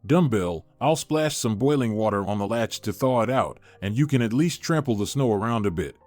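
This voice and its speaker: A man's voice: lowish voice, animated, normal speed, darkish tone, no echo, soft background music, natural voice. A man voicing a cheerful, capable teenage son who takes charge of the family in a storybook reading. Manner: cheerful, bossy.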